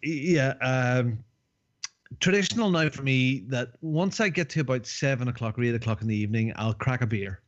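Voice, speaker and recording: A man's voice: mid-range voice, a little fast, dull audio. A man in a casual podcast chat, rambling and hesitant with lots of ums.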